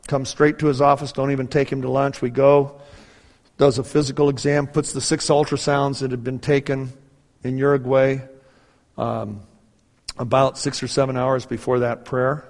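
A middle-aged man preaching a personal testimony, telling his story in a lively way and acting out the dialogue. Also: mid-range voice, normal speed. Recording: reverberant hall.

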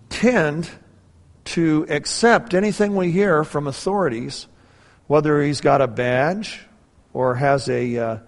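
A man preaching a sermon, earnestly retelling a survivor's story with quoted dialogue before turning to scripture. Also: on the high side. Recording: long hall reverb.

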